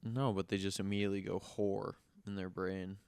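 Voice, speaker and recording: A young man co-hosting a podcast, telling stories in a casual, animated way with a lot of swearing. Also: deep voice, normal speed, gravelly, smooth, no room sound. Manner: animated, swears often, acts out phone calls. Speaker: podcast co-host. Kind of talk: casual chat, storytelling.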